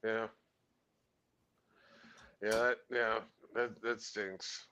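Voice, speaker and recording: A man's voice: lowish voice, little pitch movement, very slow, bright, forceful tone, smooth. A man chatting casually on a podcast, easygoing and self-mocking. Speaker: podcast co-host. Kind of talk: casual chat.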